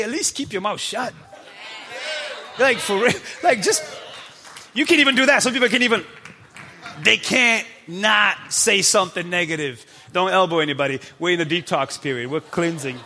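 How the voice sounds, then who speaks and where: A man in his thirties preaching a lively, playful sermon in a church, acting out quick voices as he goes. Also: high voice. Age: 30s. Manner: energetic, playful, acts out God's voice. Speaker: pastor. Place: church sanctuary. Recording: long hall reverb.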